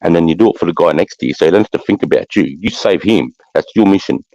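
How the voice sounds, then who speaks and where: Gravelly deep-voiced Australian army veteran. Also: male voice, quick pace, a little mellow, dry recording. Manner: blunt, profane, keeps saying mate. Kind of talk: casual war storytelling. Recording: dull muffled recording.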